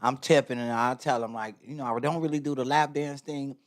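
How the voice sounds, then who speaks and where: A man hosting a podcast, telling stories in an animated, profane way and acting out quotes in casual chat. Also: medium pitch, a little fast. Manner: profane, animated storyteller who acts out quotes. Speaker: podcast host.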